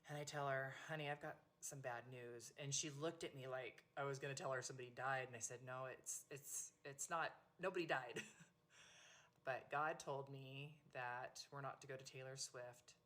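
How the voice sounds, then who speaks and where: A woman's voice: rumbling low, steady tone, moderate pace, a bit bright. A middle-aged woman, a mother, earnestly and emotionally telling a personal faith story. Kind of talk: personal testimony.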